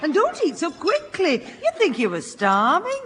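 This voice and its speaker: A woman playing a firm middle-aged mother who scolds briskly in a 1960s radio comedy. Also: very high-pitched, huge pitch swings, heavily acted. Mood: scolding. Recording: hissy old radio broadcast with reverb.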